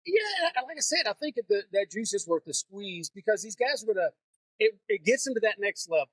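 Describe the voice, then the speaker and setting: Male podcast host, conversational questions, high voice, dry recording. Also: big pitch swings, brisk, fairly bright tone, no echo. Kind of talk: casual interview.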